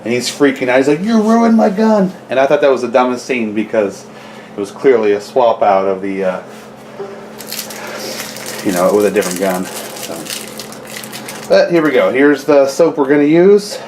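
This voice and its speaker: A man at a middle pitch chats his way through a home how-to video, drifting off into rambling asides. He sounds easygoing and offhand, with a faint hiss of background noise behind him in the kitchen. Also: normal speed, long pauses, a little mellow. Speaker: gun owner vlogger. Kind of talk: casual how-to vlog.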